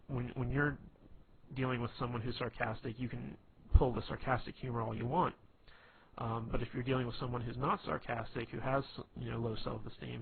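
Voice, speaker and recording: A man's voice: mid-range voice, creaky. A man giving a casual, rambling presentation full of "you know" fillers. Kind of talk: casual explanatory talk. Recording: tinny phone-like with faint hiss.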